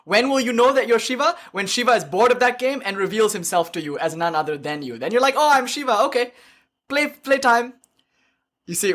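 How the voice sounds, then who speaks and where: A spiritual teacher giving an informal lecture with chanting, talking in an animated, flippant, joking way and swearing casually. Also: mid-range voice, breathy edge. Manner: animated and expressive.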